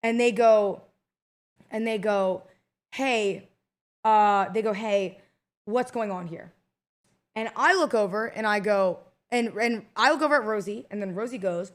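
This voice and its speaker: A young adult woman streamer telling a heated story to her chat in a casual, swearing, animated way. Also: medium pitch, unhurried.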